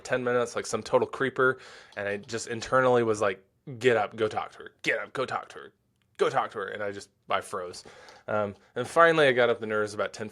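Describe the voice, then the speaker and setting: A man in his forties, the founder of a site, chatting casually while reading out and answering viewer questions, self-deprecating and quick to laugh. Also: medium pitch, a bit bright. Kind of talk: casual livestream Q&A.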